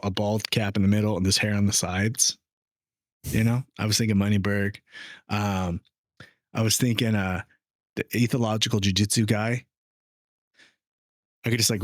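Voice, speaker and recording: A man co-hosting a casual podcast, talking in a loose, joking, animated way into a studio microphone. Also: fairly low pitch, no echo. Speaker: podcast co-host.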